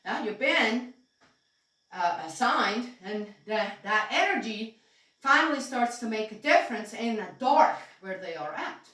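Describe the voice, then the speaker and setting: A woman telling her own story in a casual, rambling way, full of fillers, soft laughs and asides to herself. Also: a little high, expressive, measured pace. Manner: talks to herself aloud. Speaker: spiritual storyteller. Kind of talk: casual spoken memoir narration. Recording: very echoey room, distant mic, faint hiss.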